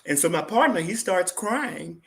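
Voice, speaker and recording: A man being interviewed as a guest, telling a personal story in an animated way and acting out what other people said. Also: high-pitched, unhurried, gravelly.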